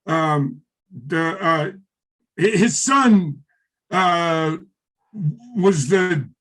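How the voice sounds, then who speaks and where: High-voiced man telling rambling stories. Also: extremely slow, fairly bright tone. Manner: rambling and profane, many fillers. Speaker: guest, former wrestler. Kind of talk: casual interview storytelling.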